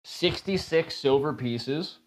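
A man's voice: fairly high pitch, takes it slowly, slight background noise. A man running a tabletop game as dungeon master, narrating and often breaking into laughter.

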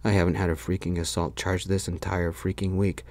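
A man's voice: low voice, level tone, fairly quick, darkish tone, no echo. A man voicing a hot-tempered, threatening young frat guy in whispered role-play. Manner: aggressive, threatening.

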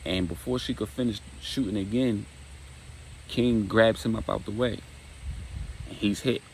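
Storyteller: man, gravelly low voice, animated retelling with sound effects. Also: unhurried, a little hiss or hum, poor audio. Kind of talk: casual spoken storytelling.

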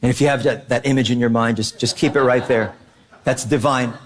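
A man preaching a sermon as pastor, emphatic and animated, asking the congregation questions. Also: mid-range voice, a little fast.

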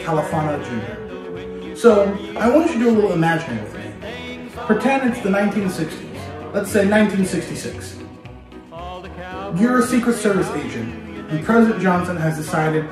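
Male history host, playful storyteller, slightly high voice, roomy distant sound, music under. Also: moderate pace. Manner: lively, addresses listener directly, playful. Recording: very echoey room, distant mic, music behind.

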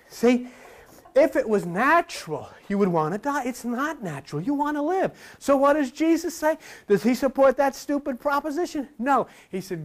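An older preacher delivers a rambling, folksy sermon to a live room, joking with and teasing the congregation. His sing-song voice rises and falls widely at a normal speed, swinging from loud asides to low murmurs.

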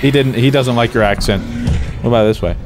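A man's voice: medium pitch, fairly quick, background noise. A man joking and planning shots with friends while playing a co-op horror game. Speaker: co-op gaming partner. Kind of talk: excited co-op game chatter.

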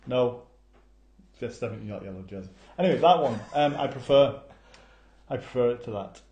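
A man's voice: medium pitch, animated, fairly quick, a little mellow, lo-fi sound. Teasing male guest, echoey room. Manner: teasing, agreeable, echoes the host's lines. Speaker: guest co-host. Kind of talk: casual banter.

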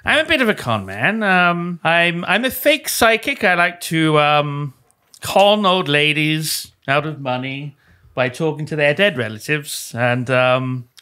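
Slow, lively, bright-voiced man. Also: fairly high pitch, clear, resonant tone. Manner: playful, drawn-out, hamming a posh voice. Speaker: player. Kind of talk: tabletop role-play chat.

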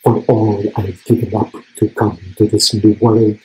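A man playing a proud, determined Polish actress, telling her story slowly on stage in a Polish accent. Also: on the low side, little pitch movement, a little mellow, natural voice. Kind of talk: one-man stage monologue. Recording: roomy theatre stage sound.

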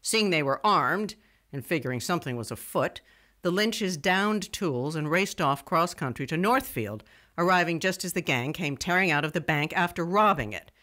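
A wry, self-mocking young radio writer, telling her own story in scripted first-person narration. Her voice is bright and forward, and she tends to wander off into digressions. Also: lowish voice, animated, moderate pace.

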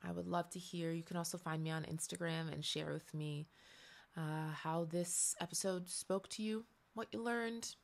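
A woman hosting her own channel, speaking in an earnest, gentle reflective monologue and repeating phrases for emphasis. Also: fairly low pitch, fairly even intonation, moderate pace, gravelly.

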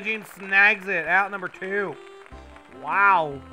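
A man giving mock play-by-play commentary over a baseball video game, with sudden loud bursts of excitement. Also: sits high, a little slow, faint music behind.

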